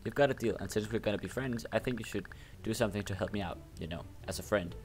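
A man's voice: lowish voice, quick pace, slight background noise, natural voice. A man reading a scheming schoolboy dealmaker.

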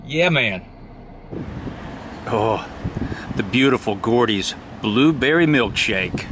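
A man's voice: mid-range voice, animated, slow pace, background noise. A middle-aged man, chatting casually to a handheld camera for his vlog and exclaiming over his food. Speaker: outdoor vlogger.

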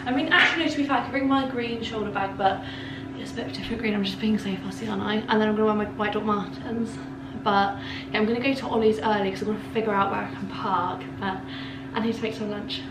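Chatty young woman vlogging. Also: a little high. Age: young adult. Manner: chatty, excitable, full of "like" and "literally". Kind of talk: casual vlog chat to camera. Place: on the move, outdoors and in student rooms. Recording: noisy handheld vlog audio.

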